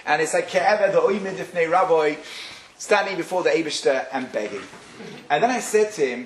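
A man's voice: on the high side, animated, moderate pace. A man giving a religious talk, telling a story animatedly with frequent fillers, in a roomy recording. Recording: roomy with faint hiss.

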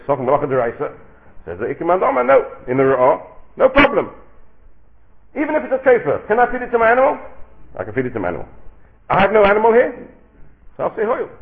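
A man giving an animated Talmud lecture, asking and answering his own questions in a sing-song manner. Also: on the high side, vocal fry. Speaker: Talmud teacher. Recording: tinny phone-like recording.

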